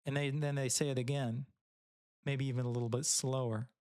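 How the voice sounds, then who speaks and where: A man hosting his own comedy podcast, rambling through a crude, self-mocking monologue in a deadpan way. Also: mid-range voice, brisk, dry recording. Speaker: podcast host.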